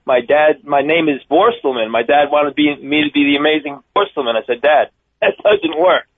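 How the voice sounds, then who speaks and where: 50s long island guy, chatty, tinny dry phone line, bit high voice. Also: normal speed, dry recording. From Long Island, New York. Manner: chatty, animated storyteller. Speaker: circus daredevil performer, guest. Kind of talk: phone-in interview. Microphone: telephone.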